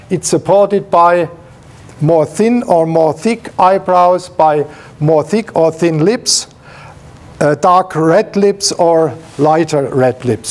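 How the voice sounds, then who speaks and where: A man's voice: high-pitched, darkish tone. A male professor giving an academic seminar lecture, explaining while pointing at slides, with frequent fillers and restarts.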